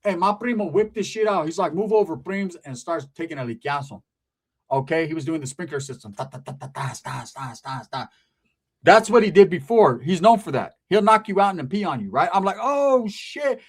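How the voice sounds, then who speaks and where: A man telling a comedic street story in profane slang, in an animated way. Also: a little high, brisk, husky.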